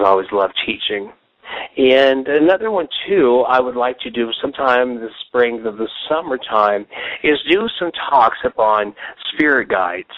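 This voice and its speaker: A man hosting a solo call-in show as a psychic advisor, rambling with many fillers and restarts as he leads a guided meditation. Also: lowish voice. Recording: tinny phone-line sound, dry.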